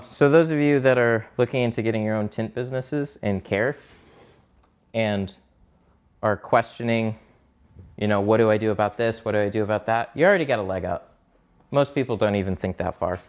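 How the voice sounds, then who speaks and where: A man who does mobile window tinting, chatting casually and swearing a bit on a live stream while he works and hunts for his tools. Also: fairly low pitch. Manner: casual, profane, chatty, distracted while working. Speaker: mobile window tint installer.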